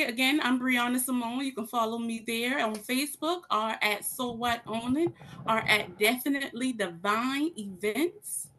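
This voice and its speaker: A woman appearing as a guest on a live talk show, answering warmly in short, affirming replies. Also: a little high. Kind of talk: casual interview chat.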